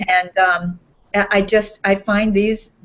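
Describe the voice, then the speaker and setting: A woman co-hosts a podcast in casual chat, animated and laughing as she tells her story. Her voice sits at a middle pitch. The recording is dull and lo-fi. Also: slow. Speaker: podcast co-host.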